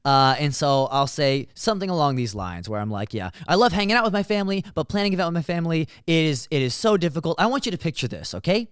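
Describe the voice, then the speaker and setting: A man in his twenties runs through his stand-up material with rapid, animated delivery. His voice is high and smooth. It is recorded close and dry. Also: no room sound. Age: 20s. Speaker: comedian. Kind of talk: running through a stand-up set.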